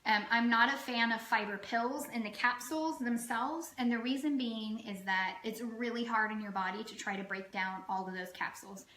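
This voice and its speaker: A woman's voice: a little high, moderate pace, few pauses, a bit bright, roomy sound, a little hiss or hum, rough recording. A woman health coach giving a casual educational talk to the camera, chatty and full of "um" fillers, with self-deprecating asides.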